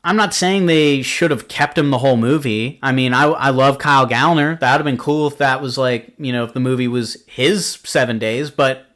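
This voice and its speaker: A man's voice: medium pitch, moderate pace, hardly any pauses, fairly bright tone. A man hosting a podcast, chatting casually about horror films, rambling with lots of fillers and swearing freely. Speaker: podcast host. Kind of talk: casual film review chat.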